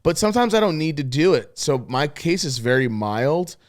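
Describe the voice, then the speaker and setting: A young man co-hosting a podcast, talking candidly and profanely in casual chat and telling lively stories. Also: a little high, moderate pace. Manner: candid, profane, animated storytelling. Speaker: podcast co-host.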